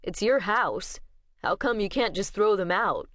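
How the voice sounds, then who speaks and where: A woman's voice: medium pitch, lively intonation, a little slow, fairly bright tone, dry recording, clean studio sound. Audiobook figure: protective young man, blunt and direct, read by a woman.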